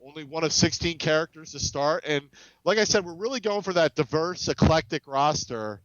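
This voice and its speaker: Higher-voiced man telling rambling stories. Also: animated, moderate pace, a bit bright, no echo, dull audio. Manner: rambling, frequent restarts, acts out quoted dialogue. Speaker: game studio CEO, podcast guest. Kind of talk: casual interview storytelling.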